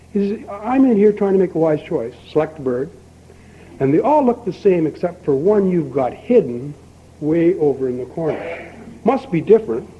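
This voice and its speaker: A man's voice: fairly high pitch, husky. Older man telling a folksy joke. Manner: folksy joke-telling, voices both characters with lively emphasis. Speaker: AA speaker telling a story. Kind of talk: storytelling talk at a recovery meeting. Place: meeting hall. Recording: dull lo-fi archival tape with faint hiss.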